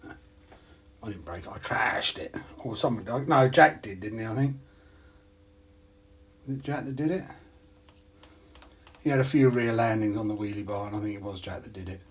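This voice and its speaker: A man's voice: fairly low pitch, steady tone, moderate pace, long pauses. A man vlogging casually about his RC hobby, thinking aloud and muttering to himself as he works out how parts fit together. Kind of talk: casual talk while repairing. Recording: distant mic with faint hum.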